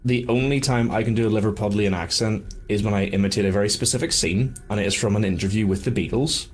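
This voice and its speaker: A man's voice: lowish voice, quick pace, darkish tone, slightly rough. A man narrating as game master for a tabletop game, rambling and self-deprecating.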